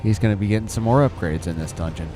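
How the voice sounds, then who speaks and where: A man giving upbeat game commentary with quick exclamations, over game music. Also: lowish voice. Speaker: gaming video host.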